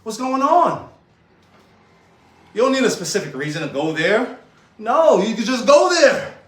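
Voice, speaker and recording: Young New guy, high voice, animated motivational chat with plenty of laughs. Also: unhurried. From New York. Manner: animated, laughs often, slangy. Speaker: fitness coach and streamer. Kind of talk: casual motivational talk. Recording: echoey room.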